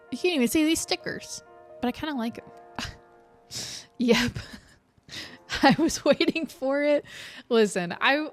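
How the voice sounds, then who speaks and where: Rambling, profane young woman streamer. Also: on the high side. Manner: rambling, profane, laughs often. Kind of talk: casual chat while playing a game. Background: faint background music.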